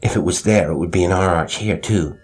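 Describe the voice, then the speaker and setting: A man's voice: deep voice, brisk, a little mellow, breathy edge. A man doing a self-assured teenage boy. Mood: dismissive. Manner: sardonic, earnest. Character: thirteen-year-old boy, eldest brother, self-assured.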